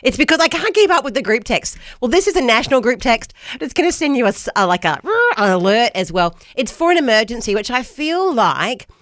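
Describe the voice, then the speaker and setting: Bubbly woman radio host, lively. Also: fairly high pitch, brisk, few pauses, dry recording, studio quality. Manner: bubbly, chatty, laughs often. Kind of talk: breakfast radio chat. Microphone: studio mic.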